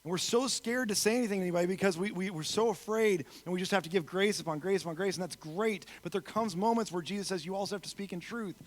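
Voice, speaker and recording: A man giving a sermon as a guest speaker in a church, telling stories with acted-out quotes, swinging from loud emphasis to soft, quiet moments. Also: high voice, quick pace, hardly any pauses. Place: church sanctuary.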